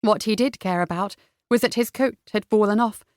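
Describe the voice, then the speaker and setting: A woman with a mid-range voice narrates a romance audiobook at normal speed, her scripted storytelling smooth and even. The recording is dry, with clean studio sound.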